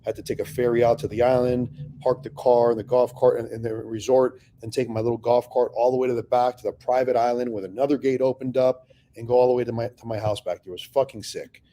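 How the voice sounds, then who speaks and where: A man's voice: medium pitch, steady tone, fast talker, warm tone, slight background noise. A middle-aged man telling his own business story in a casual, profane way, acting out both sides of past conversations. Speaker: real estate investor telling his story.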